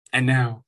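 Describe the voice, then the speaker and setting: A man delivering an angry, profane, sarcastic rant as commentary, with mocking asides. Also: sharp tone. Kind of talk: ranting commentary.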